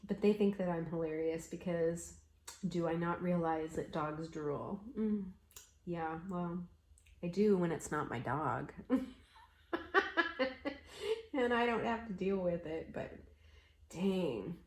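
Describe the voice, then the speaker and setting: A woman's voice: lowish voice, slow pace, pauses often, darkish tone, echoey room, a little hiss or hum. A middle-aged woman chatting casually while she stitches, telling stories and acting out the voices of people in them. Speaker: cross-stitch vlogger.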